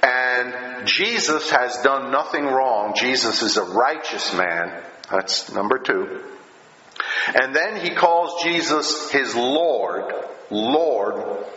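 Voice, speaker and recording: A man's voice: medium pitch, expressive, takes it slowly, sharp tone. A man preaching a sermon, explaining plainly and often checking in with his listeners by asking "all right?". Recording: echoey hall, dull sound, faint noise.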